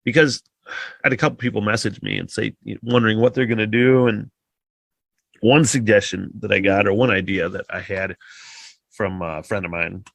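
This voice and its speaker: A man talks alone into a close podcast mic, rambling loosely and cursing freely, with many sighs between thoughts. His voice has a sharp, bright edge, and the sound is dry with no room to it. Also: fairly low pitch, steady tone, moderate pace, gravelly, no echo. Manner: rambling, heavy swearing, frequent sighs. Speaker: podcast host. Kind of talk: casual solo podcast monologue.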